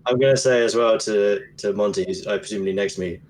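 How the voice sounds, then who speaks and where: A man playing a tabletop game in relaxed, joking talk. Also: fairly low pitch, fast, slight background noise. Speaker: player. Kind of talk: casual tabletop play.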